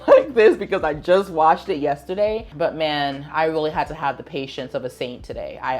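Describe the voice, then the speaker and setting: Low-voiced woman vlogger telling a story. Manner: animated, acts out dialogue of people in her story. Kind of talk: casual storytelling to camera. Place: at home in her apartment.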